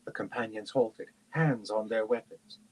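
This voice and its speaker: A man reads a fantasy novel aloud at a steady, measured pace. His voice sits fairly low and sounds husky. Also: rough recording. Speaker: reader.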